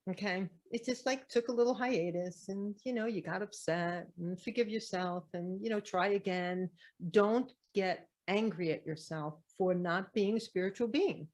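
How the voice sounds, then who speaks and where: Middle-aged woman medium giving an earnest spiritual talk; mid-pitched, asks question after question. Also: moderate pace, hardly any pauses, darkish tone. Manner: earnest, repeats rhetorical questions. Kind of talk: motivational spiritual talk to camera.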